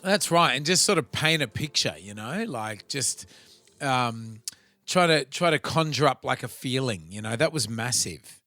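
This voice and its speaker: A man's voice: mid-range voice, lively intonation, unhurried, bright, forceful tone, dry recording, faint music behind. An Australian man co-hosting a podcast, musing in a rambling, casual way full of fillers. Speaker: podcast co-host. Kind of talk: casual chat.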